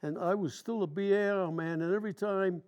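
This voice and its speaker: A man's voice: sits high, fairly even intonation, a little fast, muffled recording. A man in his nineties, a war veteran, telling long stories from memory in plain, rambling, colloquial speech during an interview. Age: 90s.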